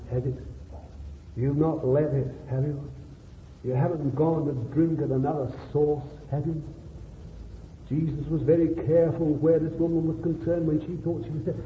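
A man's voice: fairly high pitch, slight background noise. Fervent preacher man on an echoey tape. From England. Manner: pleading, rhetorical questions, rising to fervent exhortation. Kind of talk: sermon. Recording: echoey, phone-like old sermon tape.

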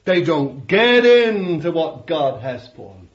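A man's voice: fairly high pitch, big pitch swings, slow. A man preaching a sermon, fervent, repeating his phrases and calling his listeners beloved. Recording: dull lo-fi recording.

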